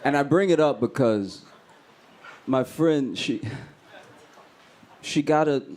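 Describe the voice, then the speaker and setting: A man's voice: mid-range voice, slow, darkish tone. A man performing a stand-up comedy set, telling a story and acting out screams and voices. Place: comedy club stage.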